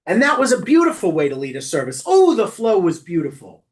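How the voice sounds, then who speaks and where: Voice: mid-range voice, wildly swooping pitch, fairly quick. A rabbi giving an instructional class talk to lay service leaders, conversational and often correcting themself mid-sentence. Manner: conversational, with frequent self-corrections and asides.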